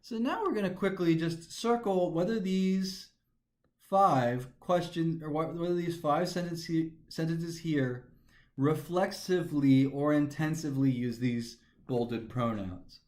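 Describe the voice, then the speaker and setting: A man's voice: fairly high pitch, unhurried, darkish tone. Methodical male teacher in an echoey room. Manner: methodical, talks through each step aloud. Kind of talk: recorded grammar lesson.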